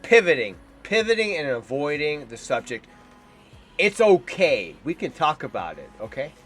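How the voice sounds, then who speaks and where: A man's voice: fairly high pitch, sing-song, moderate pace, fairly bright tone, faint music behind. A man giving heated, scornful reaction commentary on a debate clip. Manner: indignant, heated and scornful, ranting. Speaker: political commentator.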